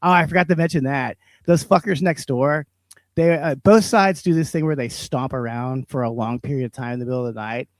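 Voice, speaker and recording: A man hosting a comedy podcast, ranting and swearing, his voice swinging between loud outbursts and low mutters. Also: brisk, no echo. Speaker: podcast host. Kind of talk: profane comedic rant.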